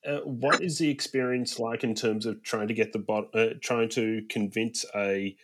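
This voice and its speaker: A man's voice: on the low side, fairly even intonation, normal speed. A man hosting a podcast, asking long, stop-start questions full of fillers and restarts. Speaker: podcast host. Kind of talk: casual podcast chat.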